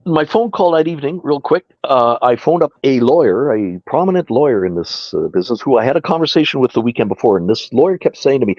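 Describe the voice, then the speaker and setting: Animated chatty man, dull dry sound. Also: mid-range voice, a little fast, few pauses, no room sound. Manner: animated, chatty, laughs often. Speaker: guest. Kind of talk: casual storytelling.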